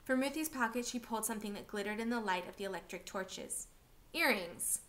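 A woman reading a novel aloud for a class, steady and expressive. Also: medium pitch, brisk.

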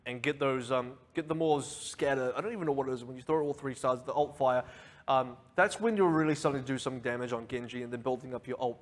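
A man's voice: medium pitch, fairly bright tone, long reverb tail. A man casting an esports match in casual banter, laughing often and repeating words as he talks. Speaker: esports caster.

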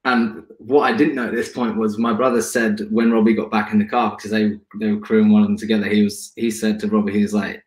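A man telling a lively story in a casual live interview, acting out what people said and swearing freely, on a video call. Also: lowish voice, normal speed, echoey room, low-quality recording. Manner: animated storyteller, acts out quotes, swears freely. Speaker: guest, ultra endurance athlete.

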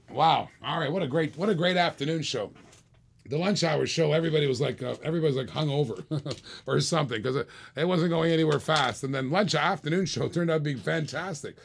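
A man hosting a live-streamed toy car auction, calling bids in quick repeated bursts with chatty asides to viewers. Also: a little high, creaky, breathy edge. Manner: rapid repetitive bid calling, chatty asides. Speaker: auctioneer host.

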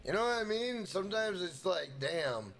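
A man's voice: high-pitched, big pitch swings, normal speed. A young man from Minnesota live streaming a game, chatting casually, swearing freely and hyping up his chat. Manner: hyped, profane, shouts out chat members.

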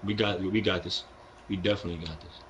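A man's voice: low voice, steady tone, fast, a bit bright, slight background noise, low-quality recording. A young man with a New York accent, live-streaming a basketball video game, talking in brash, profane trash talk with an aggressive edge. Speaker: gaming streamer.

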